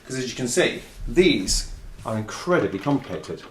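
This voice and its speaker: A man's voice: mid-range voice, big pitch swings, normal speed, a little hiss or hum. A man leading a children's music lesson, playful and cheerful, asking the young audience questions as he goes. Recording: echoey room, mic at a distance.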